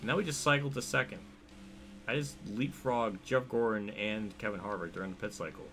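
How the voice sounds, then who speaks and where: A man's voice: on the low side, steady tone, brisk, a bit bright, a little hiss or hum. A man with a Pennsylvania accent giving live commentary while streaming a racing game, rambling and self-deprecating as he reacts to chat.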